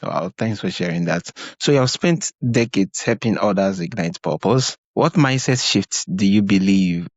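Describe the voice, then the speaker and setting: A man's voice: low-pitched, lively intonation, normal speed, few pauses, dry recording, lo-fi sound. A man hosting an interview, reacting with short admiring words and asking questions. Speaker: podcast host.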